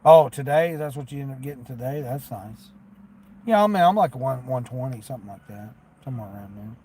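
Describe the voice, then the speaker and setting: A man's voice: mid-range voice, animated, brisk, mellow, slight background noise. A man streaming live while doing delivery driving, chatting in a rambling, folksy way and turning down orders aloud. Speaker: delivery driver livestreamer.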